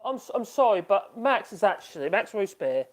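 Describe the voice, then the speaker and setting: A man's voice: high-pitched, big pitch swings, brisk, a little hiss or hum. A man hosting a casual live stream from his home workshop, chatting loosely and laughing often as he reads out and reacts to viewer comments.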